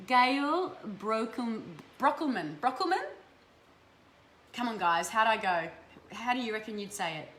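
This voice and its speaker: A woman's voice: a little high, lively intonation, normal speed, fairly bright tone. An Australian woman hosting a live stream of energy readings, casual and affectionate, swearing freely. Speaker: host giving energy readings. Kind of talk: live-stream chat with viewers. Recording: roomy echo, faint background noise.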